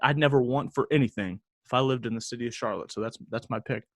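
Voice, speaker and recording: Young guy on a podcast, chill, kinda rambly, mid pitch, dry close sound. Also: fast, no room sound. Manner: relaxed, thinks aloud with restarts. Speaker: podcast co-host. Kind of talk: casual chat.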